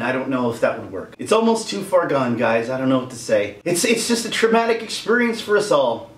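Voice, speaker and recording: A man's voice: mid-range voice, very animated, fairly quick, hardly any pauses. A man ranting to camera in a vlog, exasperated and rambling, with many restarts. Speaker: YouTuber. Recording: roomy echo.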